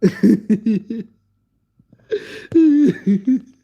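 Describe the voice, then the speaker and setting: A man's voice: very high voice, lively intonation, extremely slow, vocal fry, dark tone, highs cut off. A young man telling rambling stories on a casual live stream, laughing often and repeating the same filler words. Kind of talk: casual livestream storytelling.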